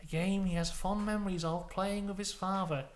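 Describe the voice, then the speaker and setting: A man telling an absurd story in a deadpan, mock-serious way, with ums and uhs. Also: high voice, moderate pace, slight background noise. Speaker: podcast co-host, storyteller.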